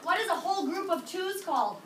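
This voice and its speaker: A high, bright-voiced woman teaches a high school class with playful energy, tossing questions to her students. She is picked up from a distance in a reverberant classroom, with a faint hum of room noise behind her. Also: expressive, a little fast.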